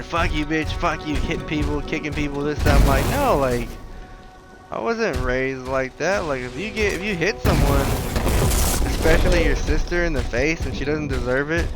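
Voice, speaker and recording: A young man chatting casually on a podcast, rambling with lots of "like" and "right?", acting out the people in his stories. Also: fairly high pitch. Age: young adult. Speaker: podcast co-host. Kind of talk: casual chat.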